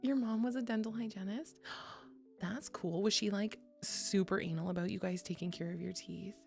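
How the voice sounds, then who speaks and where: A woman's voice: medium pitch, fairly even intonation, moderate pace, gravelly, darkish tone. A young woman streaming, chatting casually with her viewers, swearing freely, laughing often and reading chat aloud. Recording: faint music behind.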